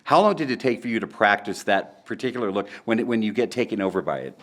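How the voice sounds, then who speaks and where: A man's voice: lowish voice, expressive, quick pace. A man interviewing guests, asking questions in a friendly, enthusiastic way.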